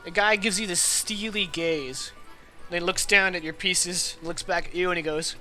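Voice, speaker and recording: A man's voice: high-pitched, normal speed, bright, forceful tone, soft background music. A man narrating a tabletop game as game master, casual, with fillers and chuckles. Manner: casual, laughing, many fillers and restarts.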